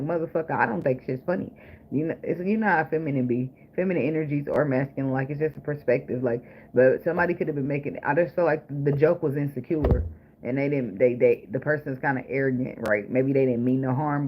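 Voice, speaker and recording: A man with a mid-range voice does a casual tarot reading, bluntly and profanely, joking and laughing a lot. The recording is muffled, noisy and has clicks.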